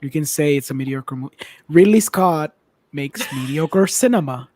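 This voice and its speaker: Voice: mid-range voice, animated, moderate pace, darkish tone. A podcast co-host, teasing and prodding the other host in casual movie chat. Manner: teasing, prodding, many short backchannels.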